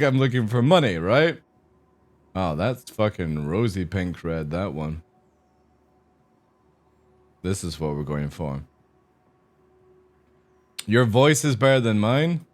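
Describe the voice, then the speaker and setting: A gaming streamer speaks in a medium-pitched, slightly mellow voice. Playing live, he keeps up crude, rambling, joking chat with his audience.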